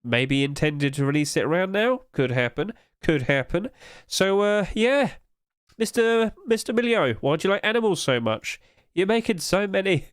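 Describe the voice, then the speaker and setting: A man's voice: sits high, normal speed, smooth, no echo. Chatty young man streaming, dry sound. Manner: rambling, animated, chatty. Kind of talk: casual live-stream chat.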